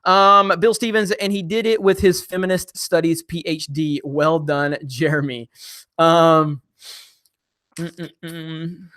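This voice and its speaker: A young man runs a casual live stream, reading viewer comments aloud and joking back at them. His bright, forward voice sits a touch high, and he delivers it all animatedly with quick asides to chat.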